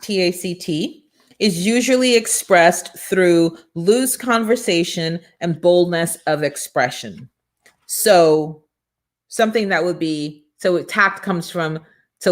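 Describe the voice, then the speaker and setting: A woman hosting a motivational morning show, talking in an energetic, preachy and emphatic way from a studio. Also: on the low side. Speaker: show host and business coach.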